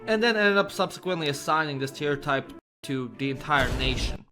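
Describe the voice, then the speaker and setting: A man's voice: a little high, expressive, brisk, music in the background. A man giving a wry, sarcastic scripted comedic narration for an explainer video.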